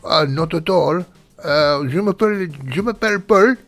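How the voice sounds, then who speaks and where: A man's voice: moderate pace, a bit bright, faint music behind. A man playfully putting on an exaggerated sexy French accent during a game stream. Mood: hammy. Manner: hammy, playful, goes higher and crisper.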